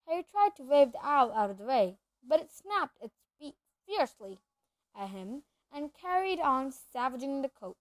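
High-voiced woman reading a storybook. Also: normal speed, no echo. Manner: expressive storytelling, lively voices. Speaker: audiobook reader. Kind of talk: reading a children's novel aloud.

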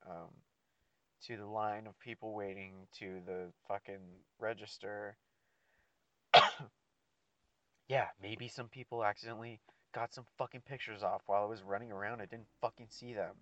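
A man's voice: on the low side, steady tone, normal speed, a bit bright, dry recording. A man ranting casually to his listeners about his job, rambling and swearing a lot. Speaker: seasonal mall Santa photo worker. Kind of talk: casual profane rant to listeners. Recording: dull, dry lo-fi recording.

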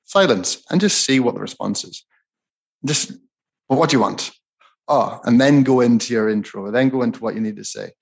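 A man co-hosting a podcast, giving sales advice in a relaxed, rambling, conversational way. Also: medium pitch, fairly quick, vocal fry. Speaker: podcast co-host.

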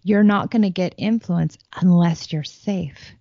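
A woman's voice: fairly low pitch, unhurried, vocal fry, no echo. A middle-aged woman talking about parenting in a casual podcast chat, earnest and reassuring. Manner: earnest, reassuring, animated when acting out scenes. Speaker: parenting coach. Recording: dull, lo-fi dry sound.

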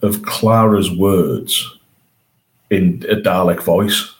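This podcast co-host is slow and steady, his low voice captured on a rough recording. He's keen while reviewing a TV episode in casual chat, often beginning his sentences again.

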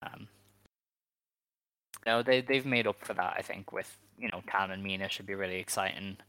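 A man's voice: low-pitched, pushed and bright, no echo. A man co-hosting a podcast in casual chat, opinionated and full of "like" and "um" asides. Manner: opinionated, quick asides with frequent "like" and "um". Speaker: podcast co-host.

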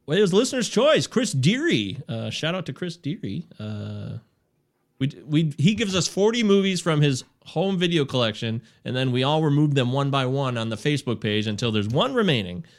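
A man's voice: mid-range voice, sing-song, moderate pace. A man co-hosting a podcast, chatting casually and enthusiastically about movies, swearing freely. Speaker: podcast co-host. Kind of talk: casual chat.

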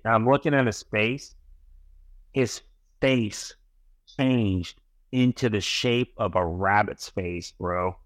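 A man's voice: fairly low pitch, slow, long pauses, dry recording. A middle-aged man, a podcast guest, telling a long story in casual chat, rambling and swearing, tagging sentences with "right?" and "bro".

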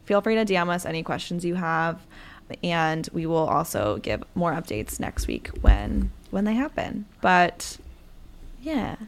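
Low, gravelly young woman explaining the news. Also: animated, a little slow. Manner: reads facts plainly, then adds dry remarks. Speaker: podcast co-host.

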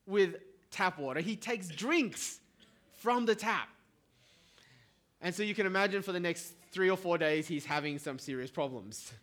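A middle-aged man preaching a sermon as pastor, in a conversational, lively way with asides to the congregation. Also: high-pitched.

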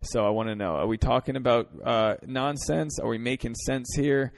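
A man hosting a solo podcast from his parked car, ranting earnestly with lots of swearing, swinging between fired-up pleas and quieter reflection. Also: medium pitch, fairly even intonation, normal speed, gravelly, dry recording. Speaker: podcast host.

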